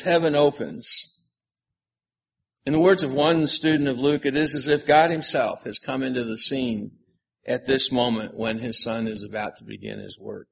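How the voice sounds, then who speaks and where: A man preaching an earnest, measured sermon on a gospel passage, slowing down to stress key words. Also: medium pitch, gravelly, fairly bright tone, husky. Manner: measured, earnest, slows for emphasis. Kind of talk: sermon on scripture.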